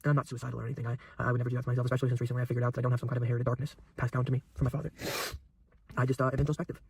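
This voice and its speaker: Fast-talking intense young man preaching. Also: medium pitch, level tone, creaky, a little mellow, breathy edge. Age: young adult. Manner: intense, preachy, repeats phrases for emphasis. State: emotional. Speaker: YouTuber. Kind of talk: emotional motivational monologue.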